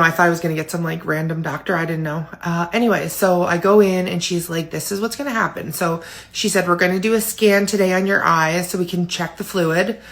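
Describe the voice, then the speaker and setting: Woman, 40s, tired, casual home vlog, rambling with many fillers, lowish pitch. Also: a bit bright. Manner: rambling, filler-heavy, candid. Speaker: vlogger.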